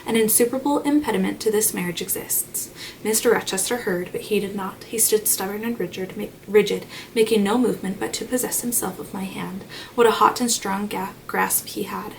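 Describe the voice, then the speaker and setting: Woman reading a classic novel, gravelly. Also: medium pitch. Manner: measured, expressive reading. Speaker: audiobook narrator. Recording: slightly distant mic, faint noise.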